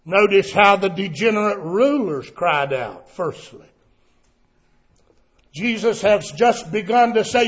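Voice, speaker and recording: A male pastor preaching a sermon, emphatic and drawn out, with the Bible quotes shouted. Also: high voice, very animated, unhurried, highs cut off.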